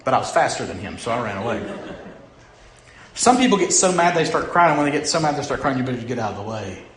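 Questioning pastor in an echoey hall. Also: male voice, mid-range voice, sing-song, fast talker. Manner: asks the congregation questions, swings from loud emphasis to hushed. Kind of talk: sermon. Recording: echoey room.

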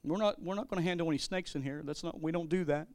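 A male pastor preaching a sermon, swinging from loud declarations to quiet asides, with frequent stammered restarts. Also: a little high, fast, no room sound.

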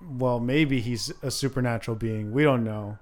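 A man co-hosting a casual podcast about a horror film, relaxed and joking, often laughing as he speaks. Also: medium pitch, moderate pace. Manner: laid-back, laughs while talking, joking asides. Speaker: podcast co-host. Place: recording with a co-host.

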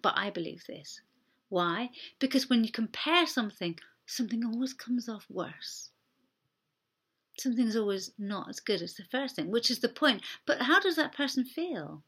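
A woman's voice: a little high, lively intonation, normal speed, a bit bright, breathy edge. A woman pastor giving a sermon in an earnest, conversational way, acting out short quoted exchanges.

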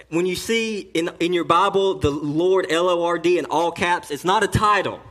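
A man with a notably high speaking voice preaches a church sermon. He drops to near-whispers and climbs to strong emphasis, restarting phrases as he drives each point home. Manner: emphatic preaching that swings from hushed to loud. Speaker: pastor.

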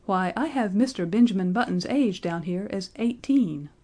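A woman's voice: mid-range voice, lively intonation, normal speed, warm tone, close to an everyday voice. A woman reading aloud, voicing a stern, impatient male college registrar who scolds sharply. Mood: polite, doubtful. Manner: polite then stern and scolding.

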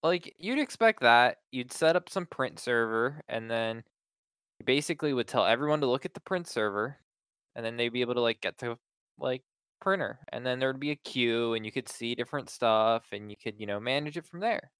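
A man's voice: medium pitch, animated, a little fast, fairly bright tone, clean tone, dry recording, clean studio sound. A man in casual chat about work, laid-back and talking with lots of "like". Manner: laid-back, heavy use of "like".

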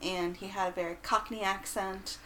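A woman's voice: mid-range voice, fairly even intonation, moderate pace, a bit bright, a little hiss or hum, low-quality recording. A woman co-hosting a podcast, telling a story in an easygoing, giggly way. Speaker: podcast co-host. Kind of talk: casual storytelling.

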